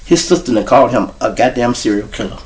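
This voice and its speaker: A man's voice: medium pitch, fast talker, slight background noise. A middle-aged man with a Chicago accent, hosting his own show with a profane, casual storytelling monologue aimed straight at his listeners. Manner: profane, animated, talks straight to the audience. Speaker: show host.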